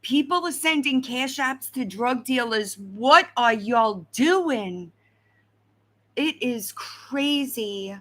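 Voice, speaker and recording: A woman hosts a casual livestream, talking to her chat in an animated way and tossing in "right?" all the time. Her voice is bright, with a high, lively pitch that jumps around. She takes her time and lets her words stretch out. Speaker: livestream host.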